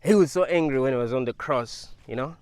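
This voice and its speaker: A man's voice: medium pitch, fast, a little mellow, smooth, no echo. A man talking casually to his viewers in a rambling monologue, laughing often and leaning on fillers. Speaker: video creator.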